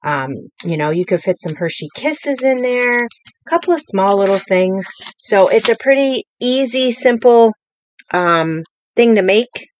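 Sitting at a home craft table, a woman runs a live-streamed craft tutorial, talking chattily and rambling with many fillers. Her voice is a little high with lively intonation and a measured pace, and there's no room sound.

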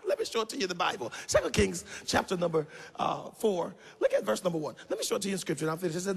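A man preaching in a church sanctuary, his very high voice gravelly and husky as he shouts and sings out his lines. He calls on the congregation to answer him, and his voice rings through a long hall reverb. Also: big pitch swings, fast. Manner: emphatic, rising into shouted sing-song cadences; calls for audience responses. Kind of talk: sermon.

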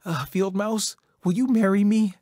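A man's voice: mid-range voice, animated, unhurried, breathy edge, no echo, studio quality. A man voicing a shy, lovesick male beaver in a spoken folk tale, with an anxious, stammering, pleading way of talking. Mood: blurting.

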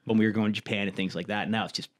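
A man's voice: fairly low pitch, steady tone, rapid-fire. A man, a podcast host and martial arts coach, telling rambling stories full of swearing in casual chat. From Canada. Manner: profane, rambling storyteller.

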